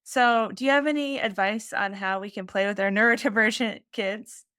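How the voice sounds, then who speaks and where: A woman's voice: medium pitch, steady tone, normal speed, fairly bright tone, clean tone, dry recording, studio quality. A woman hosting a podcast interview, enthusiastic and rambling as she asks her questions. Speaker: podcast host. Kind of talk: casual interview conversation.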